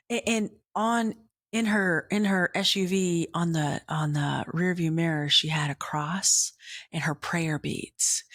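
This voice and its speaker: A woman podcast host telling a personal faith story in an earnest way, often dropping into a hushed whisper. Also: fairly low pitch, dry recording, studio quality. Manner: earnest, slow, drops into whispers.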